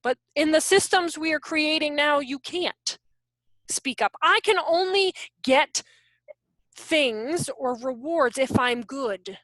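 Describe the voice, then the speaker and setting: A woman in her thirties presenting an online workshop on raising children. She talks in an animated way and keeps asking her audience rhetorical questions. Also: high-pitched, slow, no room sound. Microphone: video call.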